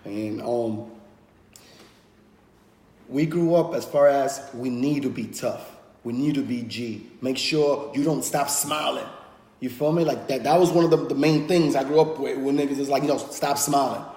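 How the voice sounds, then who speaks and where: A man in his thirties, a podcast host, chatting casually and telling animated stories about his friends. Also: medium pitch, moderate pace. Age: 30s. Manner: animated storytelling, acts out friends' voices. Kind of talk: casual chat. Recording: echoey room with long reverb.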